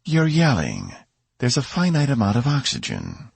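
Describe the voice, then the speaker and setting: Guy doing a smug robot sidekick, superior tone, husky, pitched up. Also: huge pitch swings, normal speed, no room sound, full character voice. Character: smug male mining robot.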